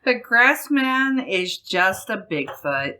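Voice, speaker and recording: A woman's voice: medium pitch, sing-song, takes it slowly, pushed and bright. A woman co-hosting a casual podcast, reading a news article aloud and laughing often. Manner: giggly, reads articles aloud. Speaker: podcast co-host.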